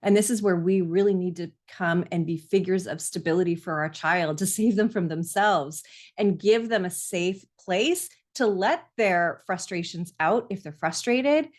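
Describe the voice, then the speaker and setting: A woman's voice: lowish voice, unhurried. A middle-aged woman, a parenting coach, giving earnest, reassuring advice in a conversational way straight to camera.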